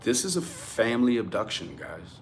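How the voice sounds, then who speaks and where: A man giving a profane, animated rant to his viewers. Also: fairly low pitch, normal speed, a little hiss or hum. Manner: animated, swearing, talks straight at viewers. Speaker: commentary vlogger. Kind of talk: profane ranting commentary.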